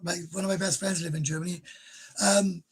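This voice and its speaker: A middle-aged man chats bluntly on a casual livestream. His voice is rough and husky and sits a little high for a man, and he swears freely as he talks. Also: steady tone, brisk, poor audio. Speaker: livestream host.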